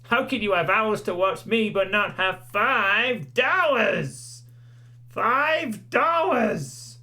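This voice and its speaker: Hammy pleading salesman with a made-up accent, put on by a man, high and drawn out. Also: expressive, measured pace, pushed and bright. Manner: exaggerated, stretched-out vowels in a made-up accent. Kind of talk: mock sales pitch on a livestream.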